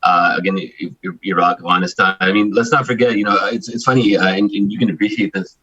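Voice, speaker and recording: Brief: forties male interview guest, low voice, husky timbre, lo-fi remote line. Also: steady tone, pushed and bright. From Chicago, United States. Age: 40s. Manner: emphatic, fast-flowing with frequent restarts. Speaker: guest, human rights attorney. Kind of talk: candid interview talk.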